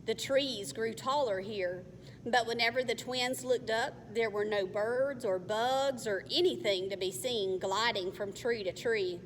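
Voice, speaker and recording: A woman reading a children's novel aloud in a careful, measured way. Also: a little high. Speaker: narrator. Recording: faint long reverb, faint hiss.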